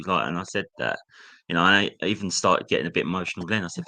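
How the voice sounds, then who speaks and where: A young man, appearing as a guest, candidly recounts school-day memories and at times acts out a sneering teacher. He talks fast in a low, gravelly voice that is pushed and bright, with big swings in pitch.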